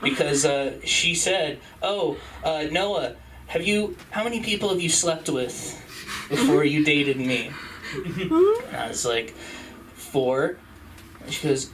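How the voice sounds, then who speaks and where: A young man from Utah doing rambling, self-deprecating stand-up at an open mic, jumping into high squeaky voices for the people he quotes. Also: sing-song, takes it slowly, long pauses, a bit bright, far from the mic, a little hiss or hum, rough recording. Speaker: stand-up comedian. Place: comedy club stage.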